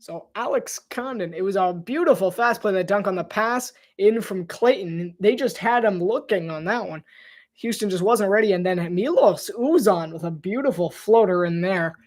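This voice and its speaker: Alone on the mic, this amateur play-by-play man calls a basketball game live at a moderate pace in a high-sitting voice. Big plays send his pitch leaping with excitement, though he occasionally trips over player names.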